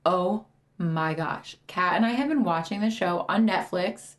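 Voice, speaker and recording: A woman's voice: lowish voice, measured pace. Giggly young woman podcast co-host. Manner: giggly, gushing, voice cracking. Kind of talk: casual chat.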